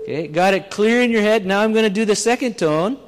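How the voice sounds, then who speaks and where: A man's voice: sits high, brisk. A man preaching a sermon to a live congregation, in a conversational, plain-spoken way with frequent restarts. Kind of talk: sermon with audience exercise. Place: church hall with audience. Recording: long hall reverb.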